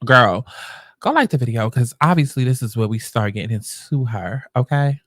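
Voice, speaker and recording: A man's voice: mid-range voice, lively intonation, moderate pace, fairly bright tone, a little hiss or hum. A man with a New York accent hosting casual commentary, blunt and swearing freely. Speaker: commentary host.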